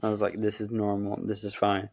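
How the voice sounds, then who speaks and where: A man chatting casually and telling an animated story about his cat, acting out the lines of the people in it. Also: lowish voice, a little fast, gravelly. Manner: animated storytelling with quoted dialogue. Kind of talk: casual chat, pet story.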